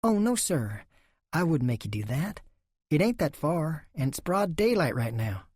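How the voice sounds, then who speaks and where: A man's voice: a little high, sing-song, measured pace, a little mellow, husky, dry recording, clean studio sound, voice pushed up, full character voice. A man voicing a shy, polite young farm woman.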